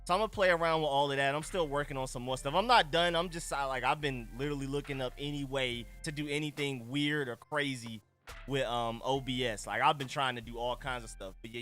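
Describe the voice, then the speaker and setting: A man's voice: medium pitch, bright, forceful tone. A man hosting a casual live stream, chatting in a laid-back, slangy way while he adjusts his settings. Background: faint music.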